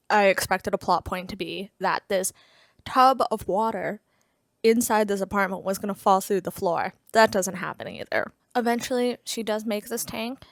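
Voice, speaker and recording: Woman book reviewer, mid-pitched voice, chatty recap style, close dry sound. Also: no echo. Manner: chatty, frequent "like" fillers, wry asides. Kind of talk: casual plot recap.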